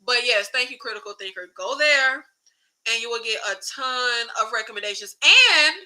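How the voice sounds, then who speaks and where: A woman hosting a casual livestream chat, animated, swearing freely and reading out viewer comments. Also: a little high, normal speed, rough recording. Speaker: YouTube host.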